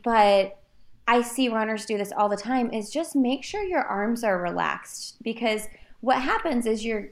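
A woman co-hosting a casual chat, sharing running tips in a relaxed way with many fillers. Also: medium pitch. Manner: relaxed, filler-heavy with frequent "like". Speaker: running podcast co-host.

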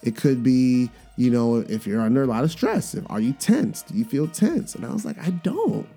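Mellow-voiced man telling a story. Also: moderate pace, gravelly. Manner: animated, acts out quotes with big pitch jumps. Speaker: podcast host. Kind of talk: casual storytelling monologue. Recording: faint guitar music underneath.

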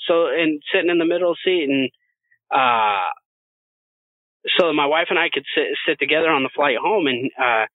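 A man co-hosting a casual podcast, his voice on the higher side and swinging widely as he tells a profane story. He laughs often between his lines. The sound is dry and thin, like a phone line. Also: no room sound. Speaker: podcast co-host.

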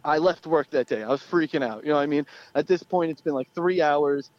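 A man's voice: fairly high pitch, fairly quick, dry recording. A young man telling a long personal story in casual, profane chat, often laughing as he goes. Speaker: guest storyteller. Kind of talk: casual anecdote. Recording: dull lo-fi sound.

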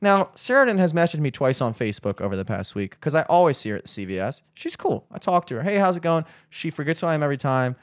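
This young man's medium-pitched voice moves quickly, with hardly any pauses. He's chatting on a podcast, spinning a rambling, foul-mouthed story and doing animated impressions of its characters.

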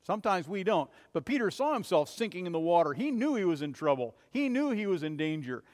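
A man preaching a sermon in an earnest way, rising to urgent appeals and falling to soft, low passages. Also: big pitch swings, fairly quick, hardly any pauses, big-room sound. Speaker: pastor.

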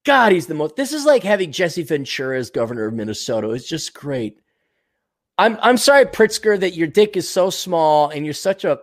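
Reading viewer donations on his livestream, a man rants bluntly and swears a lot. His voice is on the higher side and sing-song, and his quick, loose delivery is peppered with fillers and restarted sentences.

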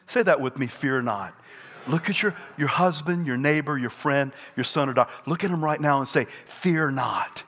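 An older man preaching a sermon, repeating his points and rising to shouted peaks. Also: a little high, normal speed. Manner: repetitive and emphatic. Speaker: pastor.

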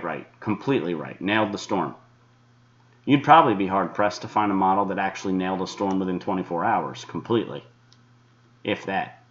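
Angry, swearing deep-voiced man ranting. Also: expressive, brisk, a bit bright. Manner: angry, swearing, mocking imitations of critics. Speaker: weather podcast host. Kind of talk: profane ranting monologue. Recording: dull lo-fi sound.

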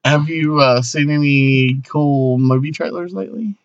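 A man's voice: fairly high pitch, a little slow, muffled recording, a little hiss or hum. A man co-hosting a casual comedy podcast, rambling with lots of fillers and laughing often. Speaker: podcast co-host.

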